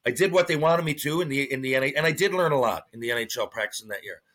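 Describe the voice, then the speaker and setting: A man, a former hockey player, telling profane, animated stories in a casual podcast interview. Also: medium pitch, rapid-fire. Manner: profane, animated storytelling with acted-out quotes.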